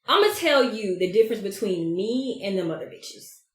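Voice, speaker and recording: A woman, hosting her own podcast in a brash, profane, animated way. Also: medium pitch, normal speed, echoey room. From Georgia, US. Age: 30s. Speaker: podcast host. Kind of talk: casual solo podcast monologue.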